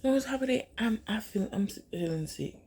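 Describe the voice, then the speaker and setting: A young woman vlogger with a fairly high, brisk voice tells a storytime while doing her makeup, against a noisy background. She chats casually and animatedly, acting out what people said with quoted asides.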